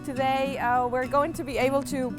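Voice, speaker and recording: A woman presenter on location outdoors, excited and a little nervous as she introduces the next visit. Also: high voice, moderate pace. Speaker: show presenter. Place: outdoors in front of an embassy. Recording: outdoor intro under loud guitar music.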